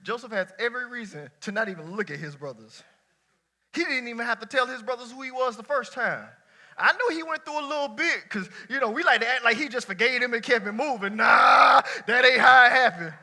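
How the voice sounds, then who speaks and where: A man preaching a sermon to a church congregation, talking casually, shouting at some points and dropping low at others. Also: fast. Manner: lively colloquial preaching, swinging between shouts and near-quiet asides. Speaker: pastor.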